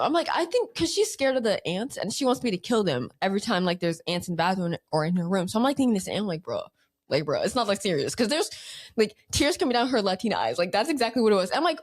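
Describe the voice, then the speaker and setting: A young woman telling a family story in casual, slangy chat, animated and laughing. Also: fairly high pitch, fast talker. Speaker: podcast co-host.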